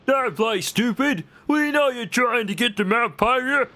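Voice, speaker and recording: A man's voice: very high voice, animated, unhurried, sharp tone, voice pushed up, heavily acted. A man voicing a hot-headed young male pirate crewman, brash and threatening, as he reads game dialogue aloud. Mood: aggressive.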